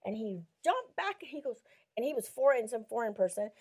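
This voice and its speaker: A woman from Mexico tells a story on a Christian talk show, animatedly acting out lots of quotes and laughing often. Her voice is fairly high and her pace brisk.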